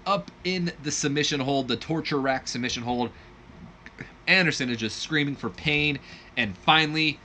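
A man with a medium-pitched, sharp-toned voice narrates a wrestling sim as a let's play commentator, with slight background noise. He rambles and keeps correcting himself, laughing at his own slips.

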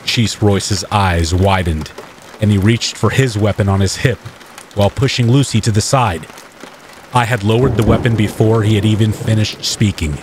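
A man narrating a first-person horror tale with steady, measured delivery. His voice sits low, and a faint patter of rain plays softly underneath. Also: a little hiss or hum. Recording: faint rain ambience mixed behind the voice.

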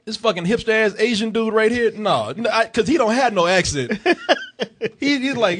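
Loud, laughing, profane man reviewing films. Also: high-pitched, moderate pace, husky. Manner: profane, animated, laughs often, acts out characters. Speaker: film reviewer. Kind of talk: casual comedic movie review chat.

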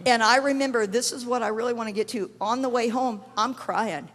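A middle-aged woman evangelist telling a testimony in a sermon, acting out the dialogue and swinging from hushed tones to shouting. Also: a little high, brisk. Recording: long hall reverb.

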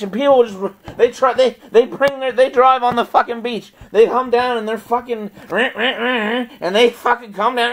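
A vlogger delivers a long, angry, profane monologue that rambles and repeats itself, broken by bursts of exasperated laughter. His voice is very high-pitched and somewhat bright, and the recording quality is rough.

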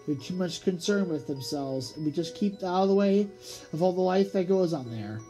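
A storybook reader voicing Harry, a calm, worldly young city cat who talks low, purring and drawn out. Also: moderate pace, soft background music, lightly acted, poor audio. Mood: coaxing.

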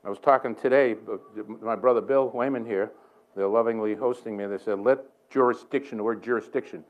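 An older man with a Boston accent, preaching a sermon in a church in a joking, conversational way with quick asides. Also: medium pitch, steady tone, dull audio. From Boston area. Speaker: guest preacher. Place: church sanctuary.

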